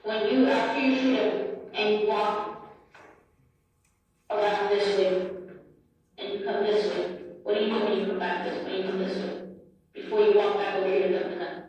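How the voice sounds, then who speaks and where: A woman's voice: medium pitch, steady tone, moderate pace, pauses often, a little mellow. A woman homicide detective pressing a suspect with probing questions. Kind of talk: police interrogation. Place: police interview room. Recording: echoey hall, distant mic, faint music.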